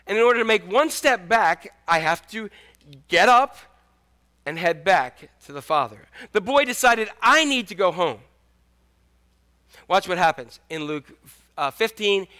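A man's voice: high-pitched, animated, normal speed, bright, forceful tone. A man in his fifties preaching a sermon in a casual, jokey way, restarting often. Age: 50s. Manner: conversational, jokey, many restarts. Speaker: pastor.

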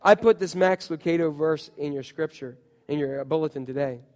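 A man in his forties preaches in a church, his fairly high voice carrying a long reverb through the sanctuary. He tells stories in a lively, conversational way and often turns to the congregation with questions. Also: brisk. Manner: storytelling, animated, conversational with congregation. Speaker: pastor. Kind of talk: sermon.

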